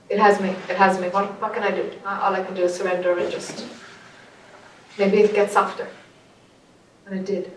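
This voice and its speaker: A woman with an Irish accent, teaching a group, speaking earnestly and growing animated as she tells a story. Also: mid-range voice, moderate pace, long pauses, slight background noise. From Ireland. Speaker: spiritual teacher. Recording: echoey room, voice from a distance.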